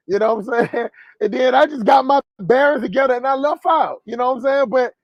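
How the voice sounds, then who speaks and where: A man who drives trucks telling a profane story to his viewers in an animated way. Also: extremely high pitch, a little fast, no room sound, dull audio. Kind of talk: storytelling vlog.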